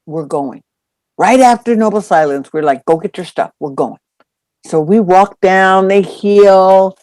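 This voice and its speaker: A woman dharma teacher telling a personal story in a dharma talk, animated and full of acted-out quotes. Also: mid-range voice, no room sound. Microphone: online call.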